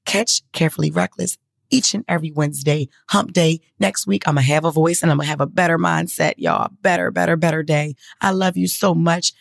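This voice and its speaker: A woman's voice: low-pitched, a little fast, vocal fry, dry recording, clean studio sound. A woman hosting a podcast from the United States, talking bluntly and earnestly with lots of swearing, emotional as she speaks. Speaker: podcast host. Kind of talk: casual emotional monologue.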